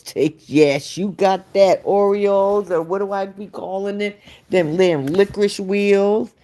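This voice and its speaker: A woman's voice: medium pitch, a little mellow. A woman hosting a live stream, gossiping and answering chat comments in a casual, opinionated way. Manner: slow, gossipy, talks back to chat readers. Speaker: livestream host.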